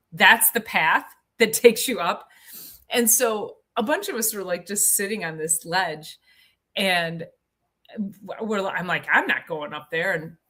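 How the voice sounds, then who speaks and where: Bright, chatty woman host. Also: fairly low pitch. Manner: chatty, enthusiastic, many fillers. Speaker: health show host. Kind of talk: live Q&A and personal storytelling.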